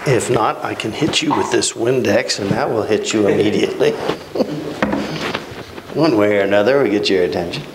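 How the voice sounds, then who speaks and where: A man's voice: lowish voice, moderate pace. A man teaching a church Bible class, conversational and joking, repeating words for emphasis. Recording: roomy echo, faint background hiss.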